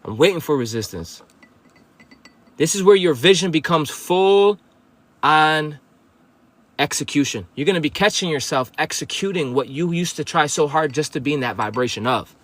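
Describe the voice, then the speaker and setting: A man's voice: a little high, lively intonation, moderate pace. A man giving a livestreamed spiritual monologue to viewers, profane, confrontational and preachy. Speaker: livestream host.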